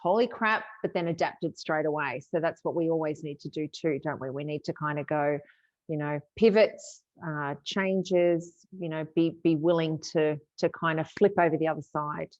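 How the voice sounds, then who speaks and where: Aussie lady podcast host yakking away, lowish voice, kinda dull lo-fi sound. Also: fairly even intonation, normal speed, darkish tone, no room sound. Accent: Australian. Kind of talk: casual chat.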